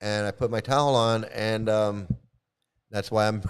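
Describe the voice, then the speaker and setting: A man casually telling a personal story, halting often and repeating his phrases as he restarts. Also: fairly low pitch, fairly even intonation, clean tone. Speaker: vlogger recounting past experiences.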